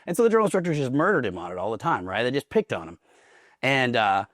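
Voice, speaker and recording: A man's voice: medium pitch, sing-song, fast, a bit bright, no echo, studio quality. A man from Oklahoma telling stories casually as a guest, swearing often and laughing as he goes. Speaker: guest veteran. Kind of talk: casual storytelling.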